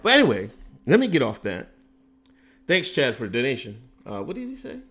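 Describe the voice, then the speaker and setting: A man's voice: medium pitch, huge pitch swings, fairly quick, a bit bright, slightly rough. A man hosting a casual political commentary stream, rambling off on tangents and restarting his sentences, emphatic and exasperated. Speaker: host.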